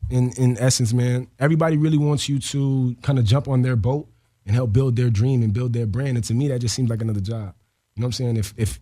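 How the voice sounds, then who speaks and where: A rapper telling a story in an interview, animated and full of slang. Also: male voice, mid-range voice. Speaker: rapper guest.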